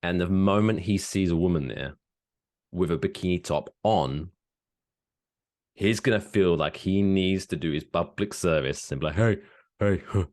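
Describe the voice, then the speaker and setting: A man co-hosting a podcast in a casual, jokey chat, playful and quick to slip into silly voices. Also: low-pitched, darkish tone. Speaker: podcast co-host.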